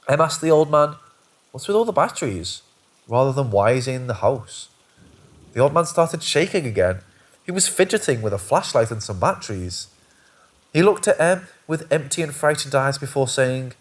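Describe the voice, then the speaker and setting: A man giving scripted narration of first-person scary stories, reading steadily. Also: on the high side.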